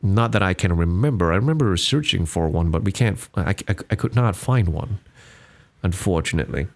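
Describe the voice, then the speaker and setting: A man's voice: low voice, animated, fairly quick, a little mellow. A young man hosting a casual solo podcast, rambling and self-deprecating with many restarts. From Singapore. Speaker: podcast host.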